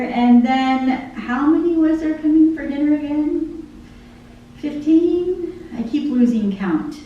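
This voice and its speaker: Slow, mellow woman in an echoey room. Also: on the high side, muffled recording. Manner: chatty, listing busy chores. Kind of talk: conversational devotional talk. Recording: very echoey room from far off, faint hum.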